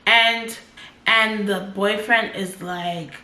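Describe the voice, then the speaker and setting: A woman's voice: mid-range voice, steady tone, extremely slow, bright, forceful tone, slight background noise. A woman in her twenties telling a personal story as a casual storytime vlogger, talking in loose run-on sentences full of "like". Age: 20s. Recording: roomy echo.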